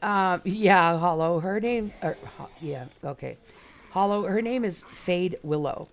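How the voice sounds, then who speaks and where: While gaming on stream, a woman rambles in casual chat with her audience and says hello to people by name. Her voice is lowish and unhurried.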